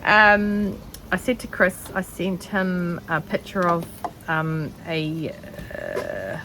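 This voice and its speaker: A middle-aged New Zealand woman vlogs casually while sewing outdoors on a shaded deck, rambling, joking at her own expense, and saying um a lot. Her fairly low voice is bright and forceful, and she takes her time. The audio is poor, with slight background noise.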